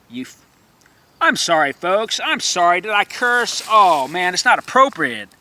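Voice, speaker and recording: A man's voice: sits high, very animated, unhurried, sharp tone. A man in a rambling monologue who stammers, repeats himself and erupts into profane, threatening rants.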